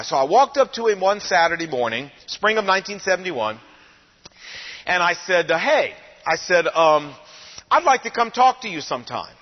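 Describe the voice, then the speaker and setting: An older man preaching a sermon, telling his own story in a conversational, animated way. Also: high voice, normal speed. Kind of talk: sermon testimony. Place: large church auditorium. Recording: long hall reverb, dull lo-fi sound.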